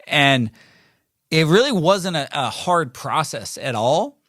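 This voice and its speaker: A man's voice: a little high, big pitch swings, slow, a bit bright, no echo, studio quality. A man in his forties hosting a podcast alone, talking in a rambling, playful way with many fillers and self-corrections. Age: 40s. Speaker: podcast host. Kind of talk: casual solo podcast monologue.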